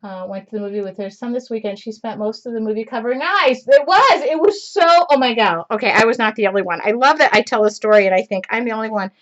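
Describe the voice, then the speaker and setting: A woman's voice: fairly high pitch, fast talker, hardly any pauses, a bit bright. Chatty woman on lo-fi livestream audio. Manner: rambling, laughing, self-deprecating. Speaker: craft livestream host. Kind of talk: casual chatty storytelling while crafting.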